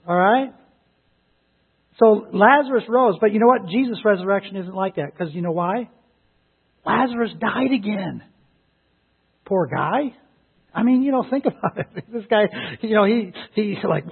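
A man preaching an Easter sermon, emphatic and animated, who laughs as he retells stories. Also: high voice, normal speed, creaky, long pauses, slightly rough. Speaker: pastor. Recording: phone-like lo-fi sound.

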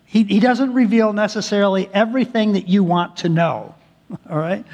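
A male pastor preaching a sermon, earnest and emphatic, stretching key words slowly and restarting phrases often. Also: high voice.

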